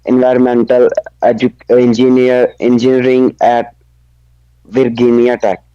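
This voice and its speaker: Young man, careful halting speech, muffled call. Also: medium pitch, little pitch movement, dark tone, clear, resonant tone, dry recording. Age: young adult. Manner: careful, halting reading of practice sentences. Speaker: student.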